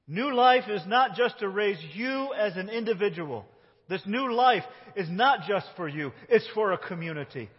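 A man with an American accent preaching a sermon as pastor, swinging from loud emphasis to soft, quiet phrases. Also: sits high, long reverb tail, highs cut off. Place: church sanctuary.

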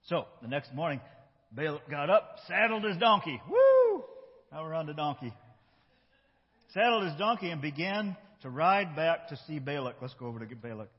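Guy doing a kids story time at church, bit high and raspy, dull lo-fi sound with long echo. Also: normal speed. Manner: animated, coaching young helpers. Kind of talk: acting out a Bible story with children. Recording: echoey hall, dull lo-fi sound.

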